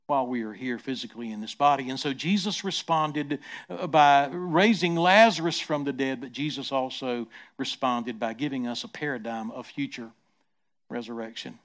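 This middle-aged man preaches as a pastor in a mid-range voice at a moderate pace. He moves from soft, quiet moments to emphatic, booming ones, building through repeated words.

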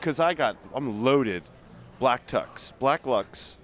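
A man's voice: medium pitch, animated, slow. A man hosting a walking vlog, wry and teasing, narrating the street like a mock tour guide. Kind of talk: casual chat while walking. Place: outdoors on a city street. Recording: faint street traffic noise.

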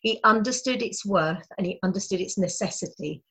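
A woman preaching and reading scripture, earnest and emphatic in her delivery. Her voice is a little husky and breathy, at a middle pitch. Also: brisk, fairly bright tone, poor audio.

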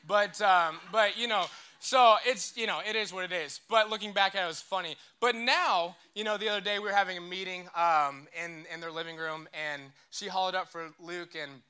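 A man's voice: high voice, moderate pace, pushed and bright, clear, resonant tone. A young man giving a casual, joking sermon in church and leading the crowd in call-and-response. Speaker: church speaker.

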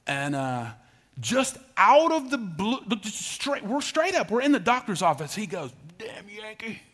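A middle-aged pastor from the Southern United States preaches a sermon, his voice high-pitched and sing-song, slightly bright, at a normal speed. He's emphatic and repetitive, repeating phrases and calling out to his congregation.

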